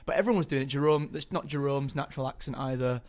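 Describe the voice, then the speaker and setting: A young man talking casually as an interview guest, chatty and hesitant, filling pauses with ums. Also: medium pitch. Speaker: guest actor.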